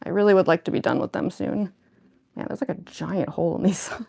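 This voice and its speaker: Woman, young adult, slightly low voice, slight lisp, filler-heavy rambling chat, cosplay livestream. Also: a little fast, gravelly, darkish tone, slightly rough. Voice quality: slight lisp from costume fangs. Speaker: cosplayer livestreaming her costume prep.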